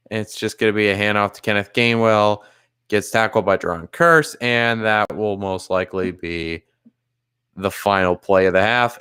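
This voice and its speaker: A man streaming live play-by-play commentary, narrating the game in a measured, plain way. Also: on the low side, a bit bright, clear, resonant tone.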